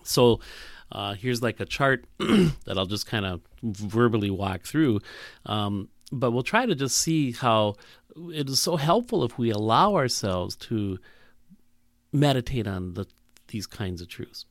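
Gravelly-voiced male preacher. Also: mid-range voice, expressive, unhurried, no room sound, clean studio sound. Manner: reflective, rhetorical questions, frequent restarts. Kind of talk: sermon.

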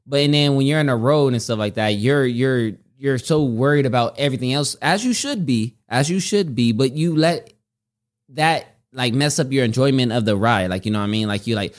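A man's voice: medium pitch, fairly quick. A man co-hosting a casual podcast, telling stories in a rambling way and often repeating his words. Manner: rambling, repeats himself, animated storytelling. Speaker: podcast co-host. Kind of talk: casual chat. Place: home podcast setup.

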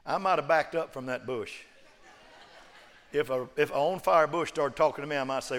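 Guy preaching, jokey asides then big shouty refrains, long church echo. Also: fairly high pitch, moderate pace. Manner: builds to shouted emphatic refrains, joking asides. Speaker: pastor. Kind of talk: sermon. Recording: long reverb of a large hall.

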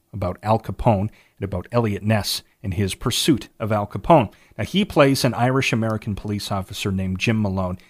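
A man hosting a movie podcast, talking about films in a chatty, enthusiastic way. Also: fairly low pitch. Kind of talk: casual movie recommendation talk.

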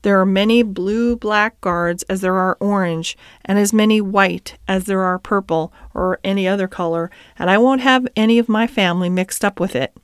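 A steady working man in a classic storybook, firm in his principles and earnest with his family, as a woman reads him. Her smooth, clear voice sits dry and close to the mic. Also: mid-range voice, no echo, close to an everyday voice. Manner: earnest and measured. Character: steady, principled middle-aged cab driver and father.

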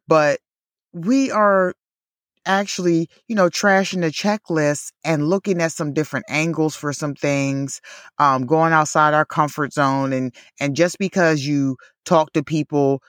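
A woman's voice: low voice, a little slow, no echo. Chatty woman podcast host, dry sound. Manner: chatty, lots of "like" and "you know", laughs often. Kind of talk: casual chat.

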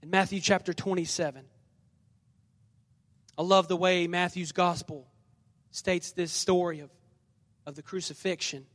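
A male pastor with a high-pitched voice delivers a sermon to his congregation, using call-and-response and reading scripture dramatically. He swings from loud calls to hushed lines as he acts out the passages, and the long reverb of the large church sanctuary makes his voice ring.

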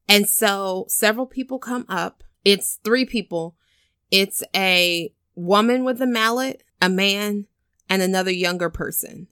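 A woman's voice: medium pitch, no room sound, clean studio sound. A woman on a casual podcast, animatedly retelling a film scene by scene, swearing and acting out what people said. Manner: animated storytelling with swearing and acted-out quotes. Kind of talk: casual chat.

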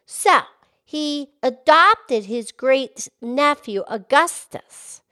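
A woman voicing a cheerful, excitable young pig who hosts a children's podcast, talking with eager bursts of excitement. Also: sits high, extremely slow, full character voice. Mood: explaining. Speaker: podcast host.

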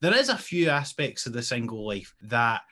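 A man's voice: mid-range voice, big pitch swings, moderate pace, sharp tone. A Scottish man, a comedian co-hosting a podcast, chatting with dry humour. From Scotland. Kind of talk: casual podcast chat.

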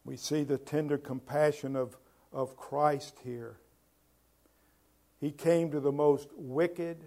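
A man preaching a sermon as pastor, asking the congregation rhetorical questions and swinging from loud, emphatic lines to quiet ones. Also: medium pitch, creaky.

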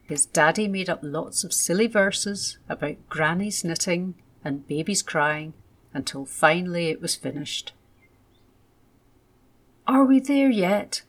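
Slow, gentle woman reading a children's story. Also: low voice.

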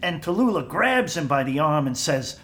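A man's voice: on the high side, very animated, moderate pace, fairly bright tone. An actor playing an easygoing middle-aged family man who chuckles his way through an anecdote at a holiday gathering. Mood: amused. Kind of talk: audio drama.

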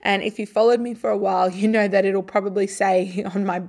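A woman psychologist hosting an educational podcast, explaining parenting steps in a calm, steady way and modelling gentle phrases. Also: mid-range voice, brisk.

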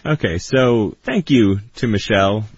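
Low, husky-voiced teasing podcast man. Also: a little slow, no echo, highs cut off. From United States. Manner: dry, teasing humor. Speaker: podcast co-host. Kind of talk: casual chat.

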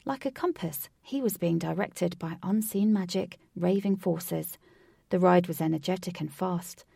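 A woman narrating a storybook aloud in a steady, measured reading, recorded from a distance from the microphone. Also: lowish voice, vocal fry, breathy edge, no room sound. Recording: distant from the mic, dry.

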